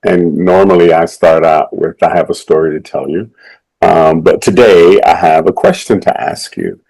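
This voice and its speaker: A man in the audience asking the guest measured, earnest questions, with a few hesitant fillers. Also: deep voice, vocal fry, dark tone, husky, no room sound, rough recording.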